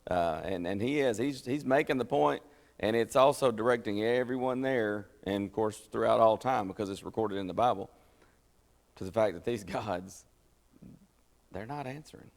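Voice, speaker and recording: A man leads a Bible class in a relaxed, folksy way, explaining the text and voicing the quoted lines. His voice sits low, and it carries the long reverb of a church room. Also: moderate pace, vocal fry. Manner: folksy, explanatory, acts out scripture quotes with rising pitch. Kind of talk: conversational Bible study teaching.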